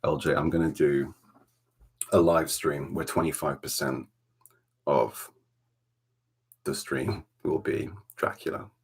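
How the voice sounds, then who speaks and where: A man with a Welsh accent hosting a relaxed ASMR livestream from a dark room at home, chatting softly and greeting viewers by name. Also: very deep voice, slow pace, long pauses, slightly rough. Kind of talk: soft-spoken ASMR chat.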